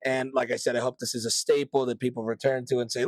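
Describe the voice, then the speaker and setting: A man's voice: mid-range voice, little pitch movement, quick pace, dry recording. A man hosting a casual podcast, talking in a loose, joking, promotional way. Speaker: podcast host.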